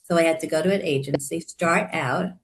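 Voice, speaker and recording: A woman in her sixties, a therapist and coach, chatting as a guest and telling her story with animated warmth and frequent laughter. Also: sits low, a little fast, a little hiss or hum. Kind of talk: casual conversational interview.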